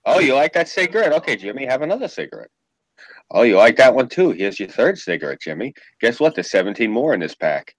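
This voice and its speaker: Man doing a sarcastic strict dad, mocking, menacing, lively voice. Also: medium pitch, fast, no echo. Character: sarcastic strict parent of a teen, middle-aged man.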